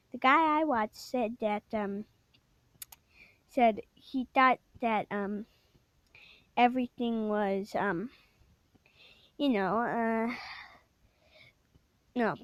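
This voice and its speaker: In a high-pitched voice captured on a dull, dry lo-fi recording, a woman casually retells a spooky game story. She rambles with lots of fillers and self-corrections, sometimes sinking to a whisper.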